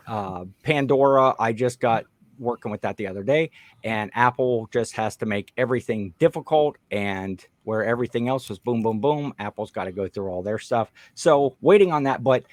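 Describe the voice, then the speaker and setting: A man's voice: mid-range voice, no room sound. Easygoing man on a dry mic. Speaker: podcast co-host. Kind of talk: casual chat.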